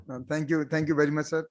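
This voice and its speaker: A man moderating an event, loud and polite as he thanks the audience and hands over to the chair. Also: on the high side. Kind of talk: formal hosting. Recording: dull, distant sound.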